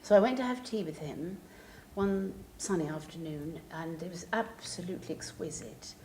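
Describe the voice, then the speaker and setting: A woman pianist telling an anecdote with lively, theatrical delivery and laughing asides. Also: on the low side, normal speed, a little hiss or hum. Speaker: pianist and storyteller. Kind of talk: anecdotal storytelling.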